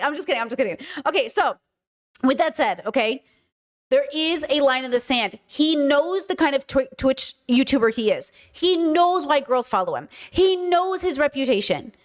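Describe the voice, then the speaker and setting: A woman's voice: high voice, animated, fast talker. A woman streamer giving opinionated casual commentary, joking around with many "like" and "okay" asides.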